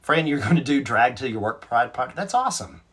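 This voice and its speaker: Fast-ish and very animated, his medium-pitched voice comes across husky and a bit bright. He's a North Carolina man running a laid-back livestream, reading out what viewers comment and responding with chatty self-mockery.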